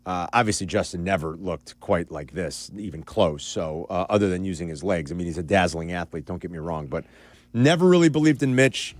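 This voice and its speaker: Animated sports radio man. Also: low-pitched, fairly quick, no room sound. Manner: animated, candid analysis with asides. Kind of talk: casual sports talk. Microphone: studio broadcast mic.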